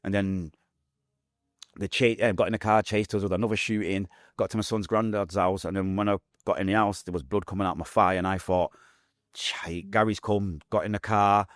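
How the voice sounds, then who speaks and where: A young adult man with a Manchester accent, telling his own story as a podcast guest, fast and vivid, acting out what people said. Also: lowish voice, steady tone, dry recording, studio quality. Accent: Mancunian English. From Manchester, England.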